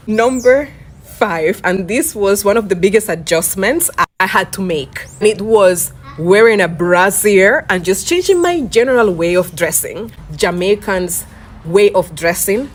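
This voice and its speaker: A woman tells stories in a relaxed, chatty way and slips Jamaican Patois into her English. Her voice sits a little low. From Cuba. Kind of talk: casual storytelling.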